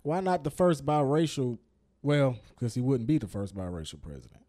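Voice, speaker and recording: A man's voice: mid-range voice, sing-song, moderate pace, mellow. A man co-hosting a podcast in casual chat, blunt and insistent, cursing plainly as he makes his point. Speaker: co-host of a podcast.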